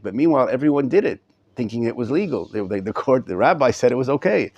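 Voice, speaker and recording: Speaking at an average male pitch, this middle-aged rabbi leads a live Torah lecture in a study hall, talking to the students before him and repeating words as he collects his thoughts. He sounds expressive and quick, a little mellow, and the recording is lo-fi.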